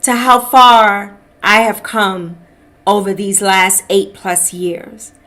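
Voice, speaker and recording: A middle-aged woman talks at an unhurried pace, letting her words settle as she tells her own story. Her pitch sits in an ordinary middle range, and she speaks straight to her listeners as a podcast host. She keeps to personal testimony and casual talk. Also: bright, forceful tone. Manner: slow, reflective storytelling, calling listeners beloved.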